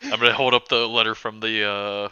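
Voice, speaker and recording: A man's voice: lowish voice, little pitch movement, fairly quick, bright, forceful tone, clear, resonant tone, dry recording, dull audio. A man playing a tabletop game in a playful way, describing what his character does. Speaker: player. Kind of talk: casual tabletop play.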